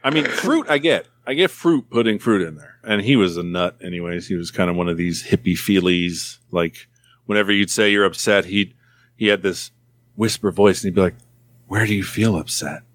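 A man's voice: sits low, fairly quick, a bit bright, no echo. Guy on a podcast, blunt and sweary, telling rambly stories, dry close mic. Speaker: podcast guest. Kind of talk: casual chat. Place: California.

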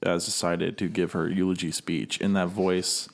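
A man's voice: low voice, little pitch movement, moderate pace, creaky. A man co-hosting a podcast in casual chat, wry and matter-of-fact. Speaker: podcast co-host.

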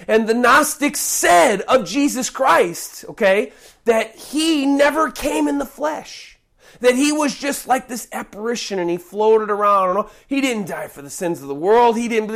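A preacher teaches from a Bible passage in a sermon, speaking emphatically, often restarting and breaking into sudden loud bursts. His mid-range voice moves at an unhurried pace.

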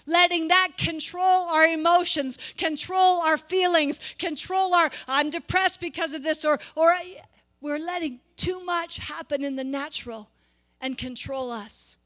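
A woman delivers a sermon to her church in a high, bright, ringing voice. She preaches with passion, circling back on words and pushing up to emphatic peaks before easing off again. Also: fairly even intonation, measured pace.

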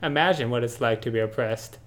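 A man co-hosting a comedy podcast, talking in a mock-earnest, deadpan ironic way. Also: medium pitch, brisk. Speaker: podcast co-host. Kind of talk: sarcastic comedy podcast banter.

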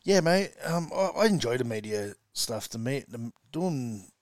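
A rugby league coach from Western Sydney, speaking with an Australian accent at a medium pitch and unhurried pace, tells stories in a casual interview. He's chatty and animated, constantly calling everyone "mate." The recording is dry with clean studio sound.

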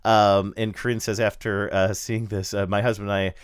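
Man, podcast host, casual chat, low voice, dry mic. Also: level tone, moderate pace, clear, resonant tone, no room sound. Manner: chatty, reads listener comments.

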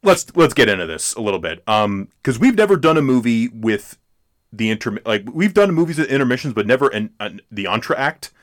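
Brief: male podcast host, lively pitch swings, rambling casual chat. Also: brisk. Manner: rambling, lots of restarts and fillers, laughs often.

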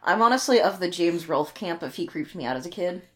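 A woman's voice: lowish voice, expressive, a little fast. A woman co-hosting a casual book-review podcast, talking in a hesitant, wry way that often trails off mid-thought. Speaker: podcast co-host.

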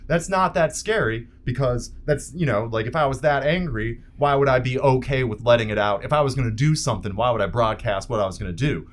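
A man's voice: mid-range voice, a little fast, few pauses. A man in casual chat, bluntly telling stories with plenty of swearing and acting out what people said. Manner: blunt, profane storyteller who acts out quotes.

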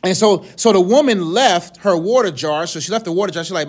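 A young man preaches in a loose, conversational way, full of slang and jokes. His voice sits high for a man. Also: fairly quick, hardly any pauses. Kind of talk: casual sermon.

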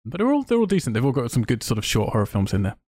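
A man co-hosting a podcast in casual chat, enthusiastic and quick, swearing freely. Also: mid-range voice, wildly swooping pitch, darkish tone, slightly rough, no echo, studio quality. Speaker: podcast co-host.

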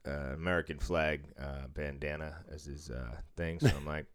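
A man's voice: extremely low pitch, fairly even intonation, moderate pace, clean tone. A man in casual chat about his job on a casino floor, rambling, swearing freely and acting out what people said to him.

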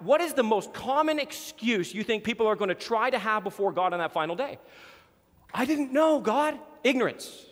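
A man's voice: high-pitched, expressive, a little fast, hardly any pauses, a bit bright, in a large hall. A man preaching a sermon as pastor, emphatic and repeating words for stress.

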